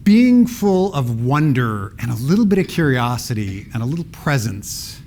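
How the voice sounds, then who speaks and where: Lively, animated man giving a talk. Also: mid-range voice, moderate pace. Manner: playful, acts out dialogues in raised voices. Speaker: public speaking teacher giving a talk. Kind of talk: live talk to an audience.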